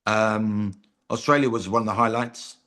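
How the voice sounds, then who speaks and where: A man's voice: on the low side, steady tone, normal speed, sharp tone. Chatty British man telling stories. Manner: chatty storyteller, self-deprecating jokes, many ums. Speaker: comedian guest. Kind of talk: casual chat.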